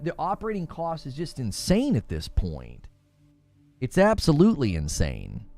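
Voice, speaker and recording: A man chatting casually with his live-stream viewers about games, talking to them directly. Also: on the high side. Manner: chatty, talks to chat viewers, animated. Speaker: gaming streamer.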